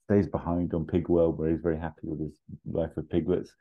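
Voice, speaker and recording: Low mellow guy rambling through a movie pitch, slips into quick voices, kinda muffled audio. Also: flat delivery. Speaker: podcast host pitching a film sequel. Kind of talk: casual storytelling chat.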